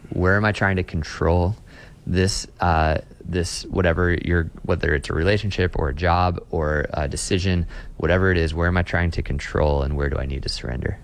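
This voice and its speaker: A man's voice: low voice, steady tone, moderate pace. A man in his thirties, a pastor, speaking earnestly in an interview and often repeating words as he starts a phrase. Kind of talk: conversational interview answers.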